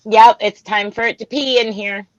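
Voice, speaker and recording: A woman's voice: fairly high pitch, steady tone, moderate pace, no room sound, muffled recording. A woman from Florida, hosting a casual live chat, telling stories and laughing often. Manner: chatty storyteller, laughs often.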